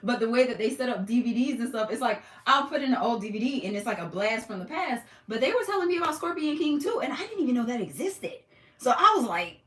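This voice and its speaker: A woman's voice: a little high, very animated, fast, fairly bright tone, reverberant. A young woman vlogging in casual chat, talkative, laughing often and swearing freely. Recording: noisy home recording.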